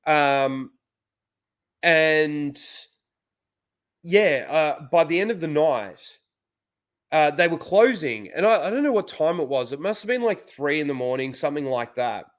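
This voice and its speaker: Young Australian host, casual profane storyteller, loose and rambling delivery. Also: male voice, on the high side, expressive, unhurried. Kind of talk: casual chat.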